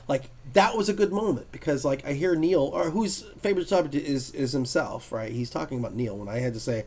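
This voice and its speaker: A man, a comic artist being interviewed, telling stories in a casual, animated way and acting out what others said. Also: mid-range voice, a little fast, vocal fry, few pauses. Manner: animated storyteller who acts out quotes.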